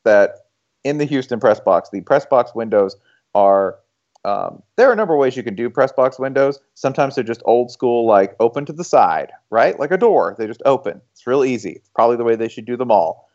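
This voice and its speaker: A man on a sports podcast spins a long story in a lively, storytelling voice. The audio is dull and lo-fi, like a modest home podcast setup. His pitch sits in a middling range. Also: brisk. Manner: animated storyteller, bursts into high mocking voices. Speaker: podcast host. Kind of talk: casual sports chat.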